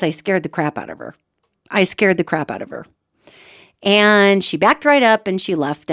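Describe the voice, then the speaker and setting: A woman hosting her own radio show, telling a dramatic personal story as a lively monologue that swings between loud outbursts and quiet asides, calling her listeners "gang". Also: fairly low pitch, dry recording, studio quality.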